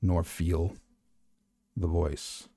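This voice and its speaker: A man running a horror tabletop game as game master, narrating in a calm, measured way. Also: low-pitched, dry recording.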